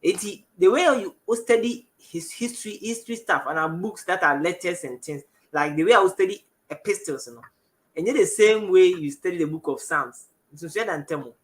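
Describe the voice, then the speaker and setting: A man with a Ghanaian English accent teaching the Bible on television in a studio, reading verses aloud and often stopping to correct himself. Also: high-pitched. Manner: halting, self-correcting, reads verses aloud.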